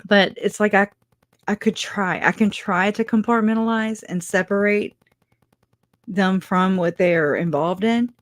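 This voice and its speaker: A woman's voice: mid-range voice, measured pace, no room sound. A middle-aged woman hosting a casual livestream, answering viewers in chat, chatty, with frequent laughs and restarts. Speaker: livestream host reading chat.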